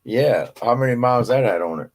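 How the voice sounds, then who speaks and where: This is a man talking casually with a friend on a stream. He jokes, swears and lets his sentences trail off. His voice sits at an ordinary middle pitch. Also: animated, a little fast. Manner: loose, joking, swearing, trailing off. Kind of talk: casual chat.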